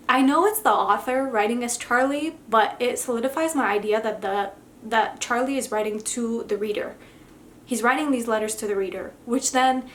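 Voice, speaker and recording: A young woman talks straight to the camera in a casual book review, her voice sitting a touch high. She gushes with open, heartfelt emotion. Faint room ambience hangs behind her. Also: a little hiss or hum. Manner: effusive and heartfelt, gushing with emotion. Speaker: book vlogger.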